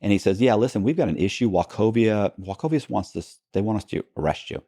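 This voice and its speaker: A man recounting his past as a podcast guest, telling it with lots of quoted back-and-forth and quick restarts. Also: fairly low pitch, no room sound, clean studio sound. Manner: animated retelling with quoted dialogue and frequent restarts. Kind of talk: storytelling in a long-form interview.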